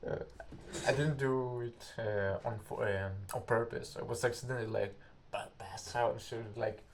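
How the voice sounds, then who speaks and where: A man's voice: mid-range voice, steady tone, slight background noise. A young man, an English speaker, telling a story casually and rambling, searching for words. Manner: rambling, halting, searches for words, acts out quotes loudly.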